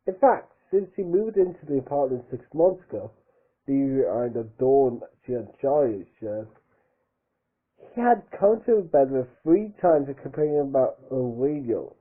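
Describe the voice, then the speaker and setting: A man's voice: mid-range voice, lively intonation, moderate pace. Tinny-sounding man reading aloud, stumbling. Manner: stumbling reading, rereads his slips. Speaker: reader of a fan book. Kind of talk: casual read-aloud with asides.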